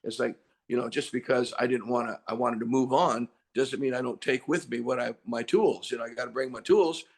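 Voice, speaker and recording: An older man, a rock singer, chatting as an interview guest and telling stories with lively acted-out quotes. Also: mid-range voice, fairly quick, gravelly. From United States. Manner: animated storyteller, acts out quotes loudly. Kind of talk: casual interview chat.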